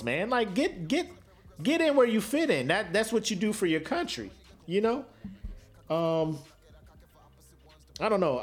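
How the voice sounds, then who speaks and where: Animated, slangy podcast co-host man. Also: a little high. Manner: animated, laughs often, slangy. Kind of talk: casual podcast banter.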